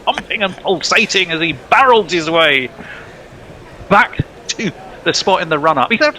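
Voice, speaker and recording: A man's voice: high voice, lively intonation, normal speed, bright, forceful tone, a little hiss or hum. A man doing ball-by-ball cricket commentary in a playful, joking way, often laughing. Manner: playful, laughing, jokey banter.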